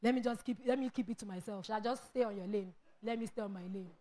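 A woman's voice: medium pitch, fast talker, warm tone. A middle-aged woman preaching a sermon, acting out quoted voices and laughing often.

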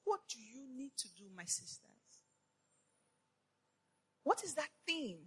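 A woman delivers an impassioned sermon, pressing her listeners with repeated rhetorical questions. Her voice sits high and carries a breathy, husky edge. Her pitch leaps and falls dramatically as she builds to shouted lines. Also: sing-song, takes it slowly. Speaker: preacher addressing women.

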